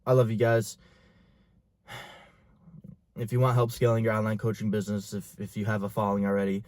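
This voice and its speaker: A man's voice: on the low side, darkish tone, no room sound. A young man, a fitness and business coach, talking straight to camera in an intense, profane, pushy motivational style.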